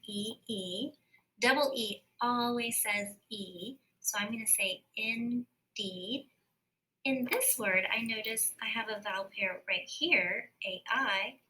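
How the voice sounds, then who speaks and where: A woman teacher giving a recorded phonics lesson, slowly and carefully sounding out words. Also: medium pitch, pushed and bright, low-quality recording.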